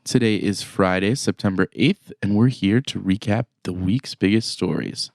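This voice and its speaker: A man's voice: lowish voice, moderate pace, vocal fry, a little mellow, no echo, studio quality. A man co-hosting a business news podcast, chatting casually with fillers and restarts. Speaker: podcast co-host. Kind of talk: casual news recap chat.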